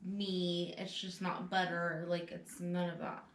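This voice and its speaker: Lower-voiced woman, plain emphatic chat. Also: flat delivery, takes it slowly, roomy sound. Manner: plain and emphatic, repeats her points. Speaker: vlog co-host. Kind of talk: casual chat.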